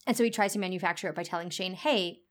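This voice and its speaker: A woman co-hosting a podcast, giving a thoughtful, measured analysis in casual chat, with frequent ums. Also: lowish voice. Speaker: podcast co-host.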